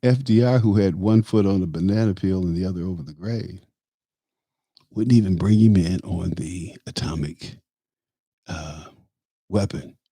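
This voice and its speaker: A man's voice: low voice, normal speed, long pauses, mellow, breathy edge, dry recording. A man hosting a talk show, delivering an emphatic, opinionated political monologue that rambles with fillers. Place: Tampa area.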